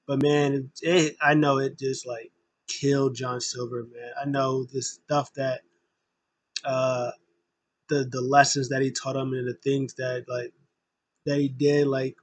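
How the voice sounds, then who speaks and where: A man's voice: medium pitch, little pitch movement, unhurried, no room sound. A man giving a casual, rambling recap of a wrestling show, full of fillers and emotional fan talk.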